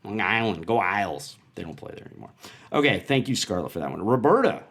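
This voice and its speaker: A man's voice: on the low side, very animated, quick pace, gravelly, a bit bright, slightly rough. A man in his thirties co-hosting a casual podcast from a home playroom, joking around as he reads listener messages aloud. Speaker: podcast co-host.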